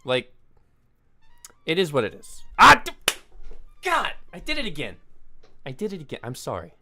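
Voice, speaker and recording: A man's voice: fairly high pitch, huge pitch swings, moderate pace, bright, forceful tone, faint music behind. A man hosting a keyboard vlog, ranting in an exasperated, sarcastic way and apologizing between outbursts. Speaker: keyboard video host.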